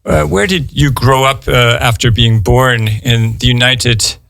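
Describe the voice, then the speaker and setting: A man's voice: medium pitch, steady tone, creaky, fairly bright tone, dry recording. Hesitant male radio host, dry studio sound. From United States. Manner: slow, hesitant, many fillers. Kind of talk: bilingual radio interview for learners.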